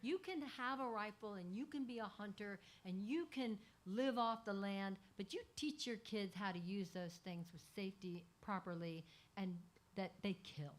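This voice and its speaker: A woman singer-songwriter speaking earnestly and softly between songs at a small live venue. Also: mid-range voice, moderate pace, few pauses. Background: guitar.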